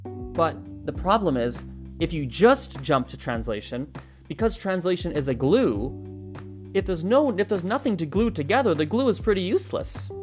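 A language-learning video host explaining a study method in a casual, animated way, often acting out little learner dialogues and repeating words while thinking. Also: mid-range voice, moderate pace, soft background music.

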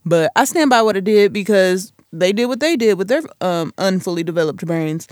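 A woman's voice: medium pitch, expressive, moderate pace, dry recording, studio quality. A woman in her twenties hosting a solo podcast, chatting casually and playfully with self-mocking asides. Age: 20s. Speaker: podcast host.

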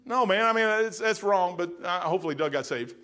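High-voiced folksy preacher man. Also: lively intonation, fast talker, pushed and bright. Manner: folksy, storytelling, emphatic, addresses listeners as "man". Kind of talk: sermon.

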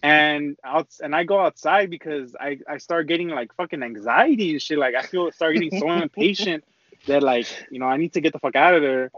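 A man's voice: on the high side, fairly quick, hardly any pauses, fairly bright tone, no room sound. A young man telling a rambling, slang-heavy story in casual chat, with lots of swearing. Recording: dull lo-fi dry recording.

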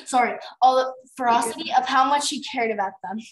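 A woman's voice: sits high, brisk, slight background noise. A woman co-hosting a podcast, reading a novel aloud over a video call and stopping for casual chat, flustered and apologetic when teased. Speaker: podcast co-host.

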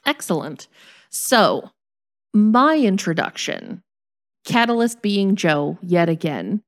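A woman co-hosting a podcast, telling a lively, self-mocking story in a casual chat. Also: medium pitch, slow.

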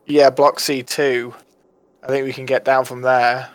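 A man's voice: medium pitch, flat delivery, measured pace, dry recording. A man playing a tabletop game, decisively leading the group's plans in casual chat. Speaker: player.

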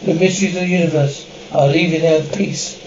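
A stern alien voice, played by a man, giving slow, solemn commands from a strange world. It sits a little high and comes from a distance. The old TV sound is muffled, with a faint hiss behind it. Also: fairly even intonation, darkish tone, roomy sound, close to an everyday voice. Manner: solemn, commanding, halting pronouncements. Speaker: alien visitor.

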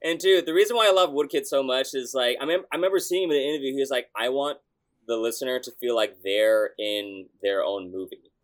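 A young man, a youth pastor, telling a story in a casual interview, animated and excitable, with bursts of shouting. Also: medium pitch, a little fast.

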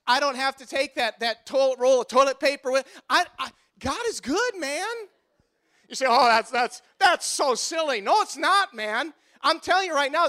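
High, bright-voiced preaching pastor. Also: male voice. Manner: impassioned preaching with repeated refrains. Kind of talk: sermon.

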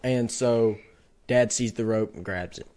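A young man co-hosting a podcast, telling a childhood story in a casual, animated way with lots of restarts. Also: lowish voice, unhurried. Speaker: podcast co-host.

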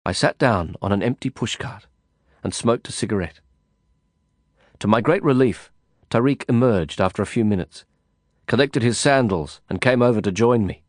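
A man narrating a first-person novel in a measured, reflective storytelling manner. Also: fairly low pitch, lively intonation, dry recording, studio quality. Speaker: audiobook narrator.

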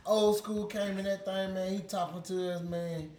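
A man's voice: sits high, fairly even intonation, moderate pace, very noisy. A young man in casual chat, laid-back, drawing out his remarks. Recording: echoey room with crowd behind.

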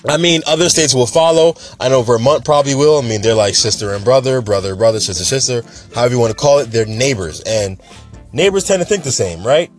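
A man hosting a casual cannabis news show, talking in an animated, chatty and emphatic way. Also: medium pitch, fast, faint music behind.

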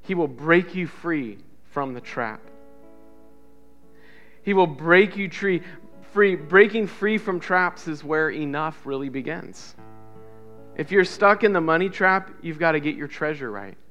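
A man preaching a sermon as pastor, swinging between loud emphatic repetition and soft hushed lines, and leading the congregation in call-and-response. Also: on the high side, expressive, a little slow, highs cut off, faint music behind. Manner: builds to loud emphatic repetition, drops to soft near-whispers.

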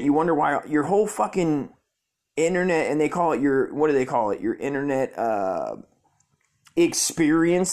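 A young man hosting his own podcast, ranting profanely and muttering in frustration at his computer. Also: mid-range voice. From Southern California. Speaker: podcast host. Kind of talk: rambling solo podcast rant.

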